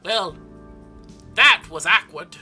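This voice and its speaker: A man's voice: high voice, expressive, takes it slowly, bright, forceful tone, soft background music. A man playing through a story game, reading and joking in a rambling way with a put-on accent that keeps slipping. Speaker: gaming channel host. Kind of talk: comic game playthrough reading.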